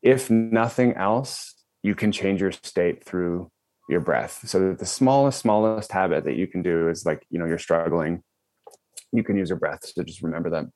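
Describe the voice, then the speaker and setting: A man's voice: low-pitched, normal speed, no echo. A man in his thirties, a podcast guest, talking casually with lots of fillers and restarts. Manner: animated, many fillers and restarts. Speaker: podcast guest, breathwork company co-founder. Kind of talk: casual storytelling.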